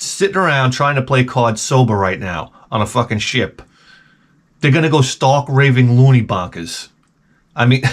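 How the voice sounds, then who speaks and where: A man at an ordinary middle pitch talks through a loose comedic monologue for his gaming channel. He swears freely and jokes, wandering from one tangent to the next. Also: a bit bright. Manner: profane, joking, rambling tangents.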